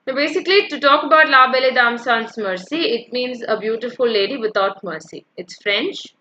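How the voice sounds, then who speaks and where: Bright-voiced woman teaching poetry meter. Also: fairly high pitch, moderate pace, highs cut off, slight background noise. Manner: explanatory, frequent "uh" and "yeah" checks, counts out feet aloud. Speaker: English literature teacher. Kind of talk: exam-prep lecture.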